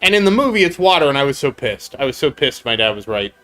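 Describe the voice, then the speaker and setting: A man's voice: medium pitch, big pitch swings, fast, a bit bright. A man hosting a gaming channel, chatting casually over gameplay as a rambling storyteller who laughs often and repeats himself.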